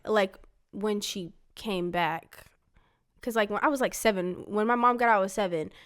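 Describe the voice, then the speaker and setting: A woman's voice: medium pitch, moderate pace, smooth. A woman casually telling her life story to her father, peppering her talk with "like" and acting out what people said. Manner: chatty, fills talk with "like", acts out quoted lines.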